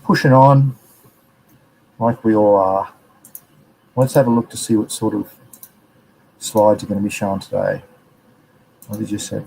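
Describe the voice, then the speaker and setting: Relaxed Australian man, rambling host. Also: on the low side, unhurried, vocal fry, long pauses, a little hiss or hum, low-quality recording. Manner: relaxed, rambling, chatty with slang. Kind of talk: casual live-stream chat, reading chat messages.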